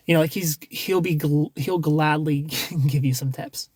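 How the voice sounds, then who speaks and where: A man's voice: on the high side, measured pace, darkish tone, slightly rough, dry recording. A man hosting a casual livestream, giving blunt dating advice with lots of restarts and some swearing.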